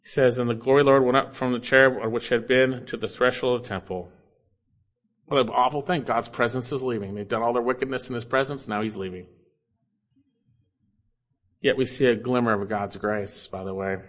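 Male pastor, expository sermon, earnest delivery with loud peaks and quiet drops. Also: steady tone, a little fast. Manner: earnest preaching, rising loud on scripture quotes then dropping low.

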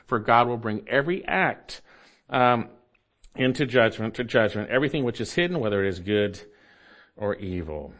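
A man preaching a sermon, reading scripture slowly and repeating key phrases for emphasis. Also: medium pitch.

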